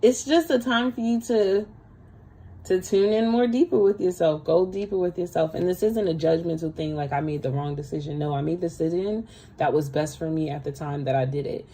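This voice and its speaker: A woman with a lowish, warm voice talks fairly quickly while doing a casual tarot reading on a livestream. She's chatty, speaks directly to her viewers and calls them "girl." The recording quality is low.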